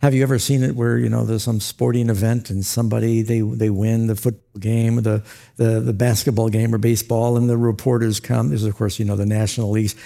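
A man's voice: lowish voice, flat delivery, fairly quick, creaky, warm tone. A man preaching a sermon, telling stories with acted quotes and chuckles. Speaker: pastor.

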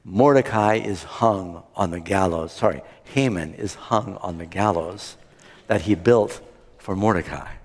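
A man's voice: unhurried, breathy edge. Guy preaching a bible story, voices the characters, big echoey church hall. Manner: acts out the characters' lines with rising animated pitch. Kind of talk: sermon retelling a Bible story. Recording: long hall reverb.

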